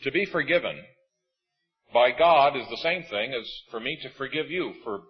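A man preaching a sermon to a congregation in an auditorium, animated and acting out voices of the people in his stories. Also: medium pitch, moderate pace, breathy edge, highs cut off.

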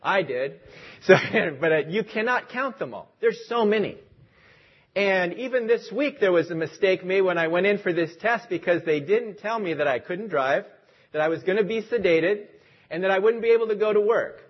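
A man's voice: high-pitched, lively intonation, moderate pace, breathy edge, lo-fi sound. A man preaching a sermon as pastor, leading a prayer and telling stories in an earnest, lightly humorous way.

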